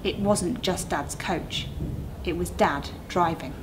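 A woman reading a story aloud and voicing a grim male coach driver, speaking low and quietly. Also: takes it slowly, background noise.

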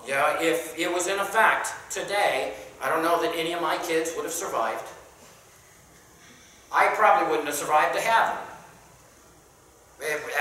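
A Sunday school teacher leading a Bible class in a church, talking conversationally with many pauses and questions to the class, and reading scripture aloud in King James wording. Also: medium pitch, a bit bright. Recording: very echoey room, mic far off, faint background noise.

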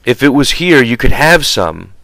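Man doing a weary working man, gruff, exasperated, dry close sound. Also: medium pitch, very animated, moderate pace, sharp tone, no room sound, voice pushed up, heavily acted, low-quality recording.

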